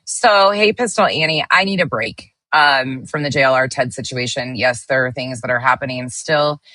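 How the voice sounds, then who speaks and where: A woman streamer talks casually to her chat, greeting viewers one by one as she reads their comments. Her voice sits low in pitch but has a bright, forward edge. The sound is dry and close, and her delivery is blunt, with the occasional swear. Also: moderate pace, no echo. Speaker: livestream host.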